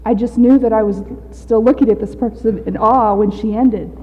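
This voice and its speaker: A woman giving a candid, halting personal testimony at a recovery meeting, often breaking into laughter. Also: fairly high pitch, steady tone. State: out of breath. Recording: dull echoey hall recording.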